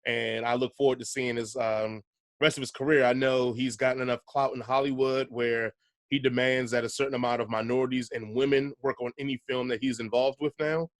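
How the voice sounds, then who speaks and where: A man's voice: medium pitch, steady tone, a little fast, no echo. A man hosting a casual podcast, chatty and laid-back, laughing easily between points. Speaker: podcast host.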